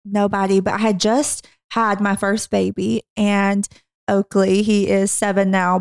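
A woman in her thirties co-hosting a podcast, telling her own story in a reflective, unhurried way with frequent pauses. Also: mid-range voice, gravelly, a little mellow, no echo, studio quality. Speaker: podcast co-host. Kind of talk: candid personal testimony.

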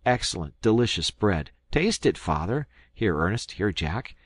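A man reading aloud and voicing an excited teenage boy explorer who exclaims breathlessly in an audiobook. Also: on the low side, a little slow, slightly rough, no echo, heavily acted. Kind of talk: audiobook character voice.

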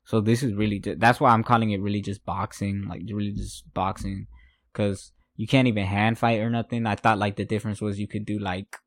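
Recapping a fight on his easygoing sports podcast, this man wanders loosely, says things more than once, and chuckles at what he's written. He speaks fairly quickly in a flat, slightly low voice, recorded dry without any echo or room sound.

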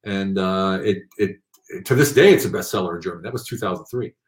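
Low-voiced man telling a story, echoey room. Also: fast, slight background noise. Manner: animated, laughs often, acts out other people's voices. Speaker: guest telling his story. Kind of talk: casual storytelling. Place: at home.

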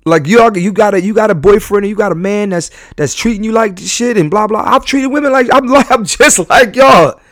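A man's voice: high-pitched, a little fast, few pauses, fairly bright tone, dry recording, studio quality. A man hosting a podcast, talking candidly in a rambling, confessional way full of slang and restarts. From New York. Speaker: podcast host.

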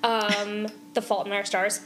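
A woman co-hosting a podcast in casual chat, reacting with gasps, quick exclamations and easy laughter. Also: mid-range voice, level tone, a bit bright, a little hiss or hum. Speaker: podcast co-host.

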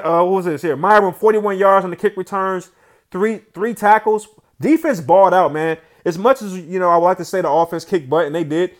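Man, slightly high voice, casual gameplay commentary, excited, chatty, hype slang. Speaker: gaming channel host.

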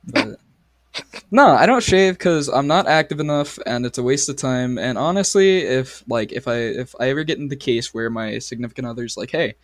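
A man's voice: mid-range voice, expressive, moderate pace, no echo. A young man co-hosting a casual podcast, swearing a lot and retelling stories with animation. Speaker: podcast co-host. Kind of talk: casual chat.

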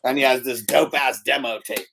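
A man co-hosting a podcast, retelling a movie in a casual, animated way, laughing often and swearing freely. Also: medium pitch, normal speed, gravelly, a little hiss or hum. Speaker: podcast host.

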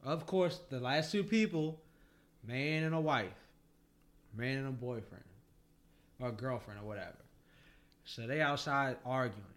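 A man co-hosting a podcast, telling a story in a casual, animated way, swearing a lot and laughing as he goes. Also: unhurried, long pauses. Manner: animated, profane storyteller, voice jumps high when excited. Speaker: podcast co-host.

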